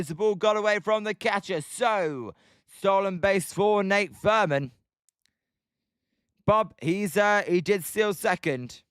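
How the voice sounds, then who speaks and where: British male stream host, high smooth voice, dry close sound, casual play-by-play mixed with viewer chat. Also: slow pace, no echo. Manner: chatty, answers viewer shout-outs between pitches.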